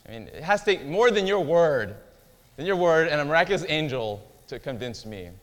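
A man's voice: on the high side, expressive, fairly quick, fairly bright tone, long reverb tail, pitched above the performer's own voice. A man voicing a fearful young man who complains and whimpers, pleading with God. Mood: whining.

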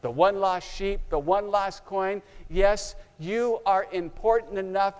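A man's voice: sits high, slow pace, clear, resonant tone. A man preaching a sermon, telling a story dramatically and acting out its scenes. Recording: long hall reverb.

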